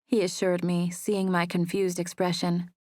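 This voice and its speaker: A woman narrating a first-person romance audiobook in a soft, intimate storytelling manner on a close studio mic. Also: lowish voice, flat delivery, normal speed, no room sound.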